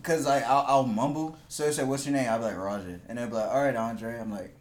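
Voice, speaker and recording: A man's voice: mid-range voice, fast talker, darkish tone, reverberant, slight background noise. A man in casual group chat, telling stories in a laid-back way and laughing often.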